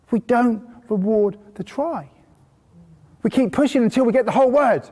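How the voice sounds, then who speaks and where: A man teaching a horse-training course to a live group indoors, telling lively stories and bursting into playful praise voices. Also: very high voice, moderate pace. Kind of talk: live workshop talk to a group. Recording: long hall reverb.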